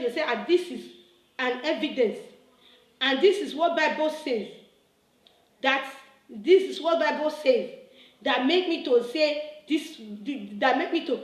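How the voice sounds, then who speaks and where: A woman's voice: sits high, echoey room, rough recording. A woman, delivering an impassioned, scolding video reply that repeats its points and builds to emphatic bursts. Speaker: church member making a video reply. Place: her room, indoors.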